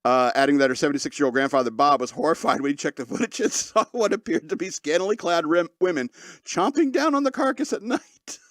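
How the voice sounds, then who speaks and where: Sarcastic, animated male podcast host. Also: fairly high pitch, fast talker, no echo, clean studio sound. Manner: sarcastic, joking, laughs often mid-sentence. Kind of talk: casual comedic commentary on news.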